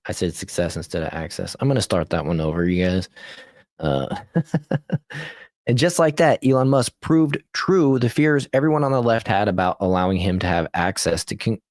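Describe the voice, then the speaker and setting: A low-voiced man hosts a podcast in a loose, chatty way, reading posts aloud and often laughing at them. He trips over words and starts lines over, with a dry, close sound and little room around him. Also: expressive, normal speed, darkish tone, no room sound. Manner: laughs often, restarts and corrects his reading. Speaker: podcast host. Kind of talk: casual political commentary, reading posts aloud.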